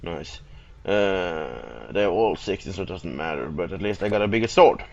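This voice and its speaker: A man's voice: low-pitched, lively intonation, normal speed, gravelly, darkish tone, muffled recording. A young man giving game commentary, swearing a lot and getting frustrated easily. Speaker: gamer.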